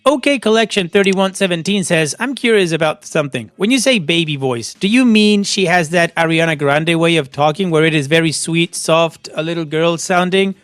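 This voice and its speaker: A man's voice: a little high, a bit bright, no room sound. A man narrating online posts aloud and adding friendly, advice-giving commentary between them.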